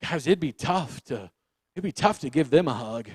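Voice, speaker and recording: A man preaching a youth sermon, animated and acting out the voices of the story. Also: on the high side, normal speed, husky, dry recording. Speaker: youth pastor.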